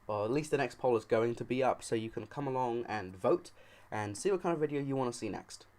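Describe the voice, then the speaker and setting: A man's voice: medium pitch, expressive, brisk, a little mellow, a little hiss or hum. A man casually telling a funny story on his video channel, cursing freely and acting out what people said. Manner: joking, profane, acts out quoted lines.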